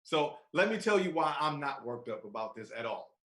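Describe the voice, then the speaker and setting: A man co-hosting a casual sports podcast, speaking in a laid-back, calm and measured way. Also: fairly high pitch. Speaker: podcast co-host. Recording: roomy echo.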